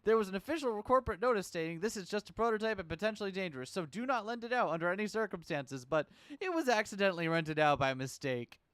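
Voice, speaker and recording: A man's voice: high voice, animated, quick pace, hardly any pauses, a bit bright, clear, resonant tone, no room sound, pitched above the performer's own voice. A man voicing an insistent, panicky male costume shop clerk who speaks formally and pleads. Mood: anxious explaining.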